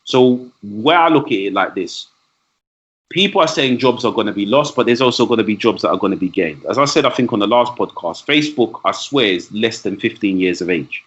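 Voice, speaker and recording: A man's voice: on the low side, expressive, fairly quick, a bit bright. A man talking as a podcast guest, a teacher and trainer who explains his points with lists and asides in casual conversation. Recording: dull lo-fi audio.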